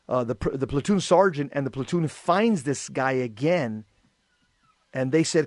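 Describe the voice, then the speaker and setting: A man co-hosting a talk show, telling stories in a lively way and acting out the voices of the people in them. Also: medium pitch, moderate pace, dry recording, studio quality. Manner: animated storyteller, acts out quoted voices. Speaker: co-host. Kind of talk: casual radio talk, storytelling.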